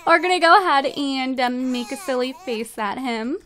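High-pitched girl doing chatty gameplay commentary, giggly, gushes over cute stuff. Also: unhurried, pushed and bright, a little hiss or hum. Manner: bubbly and giggly, gushing over cute things. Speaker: let's play host.

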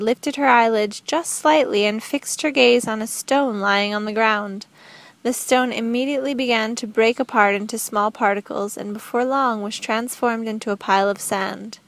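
A woman narrating a novel as an audiobook reader, with a steady, measured reading. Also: a little high, no room sound.

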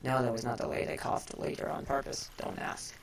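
A woman giving casual game commentary as host, chatty and talking straight to her viewers with sudden excited outbursts. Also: rumbling low, fairly quick, gravelly, a crowd in the background, poor audio. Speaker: gaming video host.

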